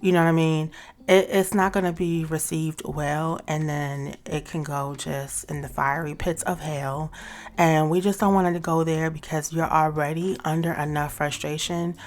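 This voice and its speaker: A low-pitched, darkish-toned woman hosts a talk show, handing out chatty, direct advice in a casual way. She calls her listeners y'all and sis.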